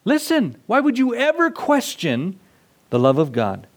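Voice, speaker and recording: A man preaching a sermon, swinging between loud emphatic lines and soft asides, acting out dialogue as he tells stories. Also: very high-pitched, wildly swooping pitch, a little slow. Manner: acts out dialogue in a storyteller's voice. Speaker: pastor.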